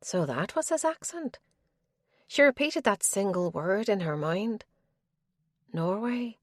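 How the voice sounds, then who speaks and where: A woman narrating a mystery audiobook in a measured, even way. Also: mid-range voice, no echo, clean studio sound.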